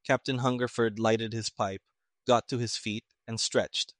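A man reading a story aloud in measured, even audiobook narration. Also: mid-range voice, no room sound, studio quality.

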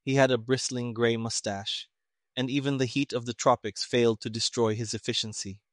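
A man narrating a mystery story in an even, measured reading. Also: mid-range voice, no echo, studio quality. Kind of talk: audiobook narration of a pulp mystery.

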